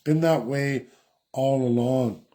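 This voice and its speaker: A man's voice: mid-range voice, fairly even intonation, takes it slowly, mellow. A man from Canada ranting sarcastically in a political commentary vlog.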